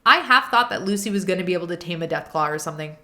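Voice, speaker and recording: Young woman host, unscripted exasperated rant, pitch jumping up when riled. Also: very fast. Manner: animated, exasperated ranting. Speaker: video essay host. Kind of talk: unscripted reaction commentary.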